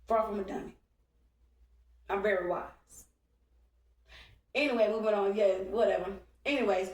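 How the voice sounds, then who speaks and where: A woman's voice: mid-range voice, darkish tone. A woman in her forties with a drawl, ranting bluntly and profanely. Her voice rings around a roomy space and sits a little back from the mic, so it sounds slightly distant. She keeps an emphatic, confrontational edge throughout. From Texas. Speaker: vlogger. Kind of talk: heated monologue to camera. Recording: roomy echo, speaking from away from the mic.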